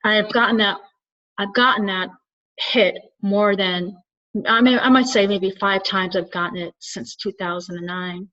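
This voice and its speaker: A woman's voice: medium pitch, a little slow, pushed and bright. Woman channeler musing aloud, lo-fi sound. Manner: earnest, thinking aloud with frequent restarts. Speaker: spiritual channeler and soul coach. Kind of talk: reflective solo talk to camera. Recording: dull lo-fi recording.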